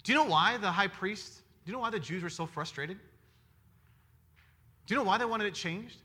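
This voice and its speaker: A man preaching a sermon in an animated way, firing rhetorical questions at his listeners. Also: high-pitched, a little fast. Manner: animated, asks the audience many rhetorical questions.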